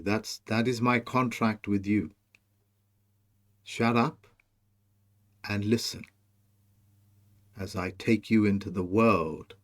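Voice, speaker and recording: A man presenting a monologue over on-screen images, slow, emphatic and commanding as he speaks straight to the viewer. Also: fairly low pitch. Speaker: video presenter.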